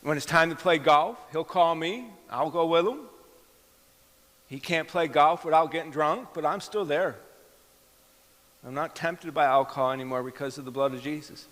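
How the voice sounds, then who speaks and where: Man preaching, middle-aged, slightly high voice, storytelling, long church echo. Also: moderate pace, fairly bright tone. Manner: storytelling, acts out quoted dialogue. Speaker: pastor. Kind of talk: sermon with personal story. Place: church hall. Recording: long hall reverb.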